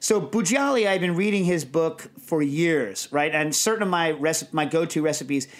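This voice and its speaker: A man hosting a podcast in casual chat, telling digressive, animated stories. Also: on the high side. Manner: rambling, digressive, animated storyteller. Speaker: podcast host.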